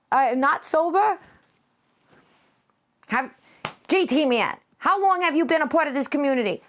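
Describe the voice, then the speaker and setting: A woman's voice: lively intonation, unhurried, pauses often, a bit bright. A young woman streaming live while she paints, chatting casually with her viewers in a giggly, playful way and reading their messages aloud. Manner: giggly, playful, reads chat aloud and jumps in pitch.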